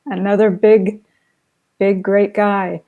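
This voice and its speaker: Through narrow, tinny audio, a slow-paced woman of medium pitch shares stories as a guest in a casual interview. She is heir to a photographer's estate, and her anecdotes are animated and full of laughter.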